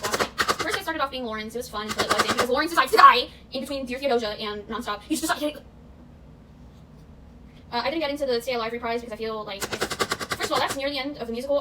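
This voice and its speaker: Fast-chatting young woman in a kitchen. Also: fairly high pitch. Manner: chatty, self-mocking, breaks into snatches of show tunes. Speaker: vlogger. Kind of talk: casual baking vlog chat. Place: home kitchen. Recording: distant camera mic with noise.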